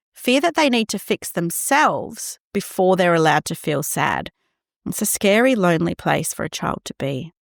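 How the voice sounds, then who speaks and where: A woman hosting a parenting podcast, talking gently and reassuringly, acting out quoted lines in a scripted monologue. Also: fairly low pitch, no room sound, studio quality.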